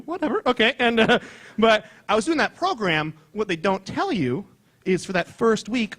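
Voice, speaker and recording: A man doing a loud, excitable, self-mocking stand-up comedy set on stage before a live audience. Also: high-pitched.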